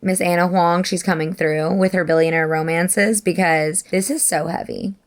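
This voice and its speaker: A woman's voice: fairly low pitch, steady tone, normal speed. A young woman talking casually in her reading vlog, gushing and emotional about a book, with many "like"s. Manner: gushing and emotional, says "like" often. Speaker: book vlogger.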